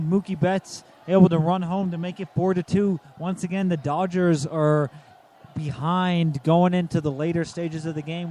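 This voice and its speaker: A man's voice: sits high, dark tone, slight background noise. A man co-hosting a live sports radio show, giving analytical play-by-play and building emphasis on key moments. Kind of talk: live game commentary.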